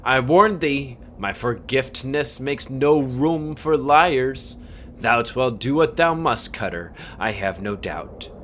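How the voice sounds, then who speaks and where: A man's voice: mid-range voice, animated, takes it slowly, fairly bright tone, a little hiss or hum. A man voicing a solemn old tree that talks in stiff, old-fashioned English, playing through a game. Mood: stern.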